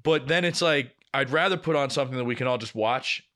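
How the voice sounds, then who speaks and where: A man's voice: mid-range voice, fast talker, a bit bright. A young man co-hosting a podcast, telling a long story in casual chat and swearing often. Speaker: podcast co-host.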